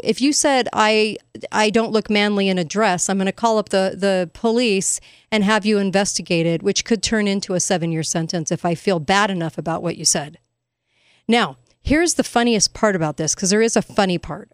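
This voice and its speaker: A woman hosts a casual commentary monologue, sarcastic and emphatic, laughing at her own points. Her voice is medium in pitch, on a dry recording with clean studio sound.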